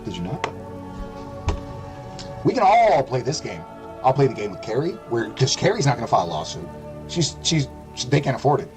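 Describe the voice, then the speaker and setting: A man's voice: mid-range voice, big pitch swings, quick pace, over music, low-quality recording. Heated, profane male streamer ranting. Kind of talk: angry livestream rant.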